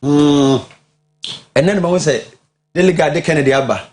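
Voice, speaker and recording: A man with a Ghanaian accent co-hosting a morning TV show, reviewing newspapers in casual, animated chat. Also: a little high, normal speed, a little hiss or hum. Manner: animated, frequent short affirmations. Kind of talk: casual studio chat mixing Twi and English. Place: TV studio.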